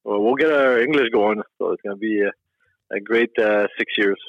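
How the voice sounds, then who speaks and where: A young man with a Québécois French accent, French his first language, speaking haltingly as an interview guest over a remote line. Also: on the low side, no room sound, highs cut off. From Quebec. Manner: halting, friendly, many fillers. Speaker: hockey player guest.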